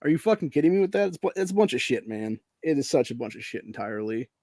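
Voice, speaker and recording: An American podcast host delivers an angry political rant in a mid-range, darkish voice, talking fast and expressively while swearing and tossing in "dude" and "man." The recording is dry, with clean studio sound.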